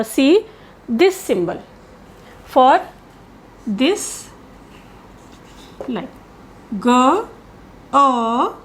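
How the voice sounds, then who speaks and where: A woman teaching English pronunciation, saying each sound slowly and deliberately with pauses and fillers. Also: sits high, darkish tone. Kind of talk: pronunciation lesson.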